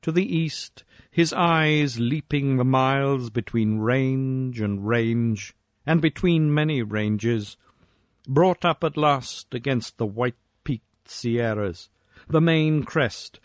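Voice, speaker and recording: A man reading a classic story aloud in a slow, measured voice. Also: medium pitch, dry recording, studio quality. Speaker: audiobook reader. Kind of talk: scripted narration of a classic story.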